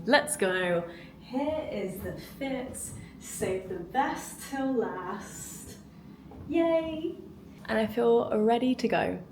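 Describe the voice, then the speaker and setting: A woman's voice: mid-range voice, a little mellow, slight background noise. Woman in her 30s, vlogger, chatty, giggly, self-deprecating, casual storytelling.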